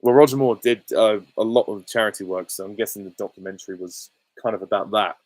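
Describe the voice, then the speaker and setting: A man's voice: on the low side, fast talker, a little mellow, no room sound, low-quality recording. Rambling man on a dry close mic. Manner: rambling, many fillers and restarts. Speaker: YouTube host answering viewer questions. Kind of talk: casual livestream Q&A chat.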